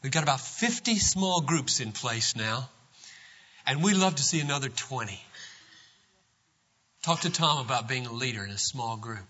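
A male pastor giving a sermon, swinging from quiet, low passages to loud, emphatic preaching. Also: animated, normal speed, pauses often, dull audio.

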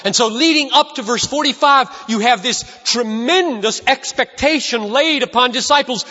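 A man's voice: extremely high pitch, normal speed, few pauses, pushed and bright. A man preaching a sermon in a church sanctuary, emphatic and repeating key lines for stress. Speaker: pastor. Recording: dull lo-fi recording with long hall reverb.

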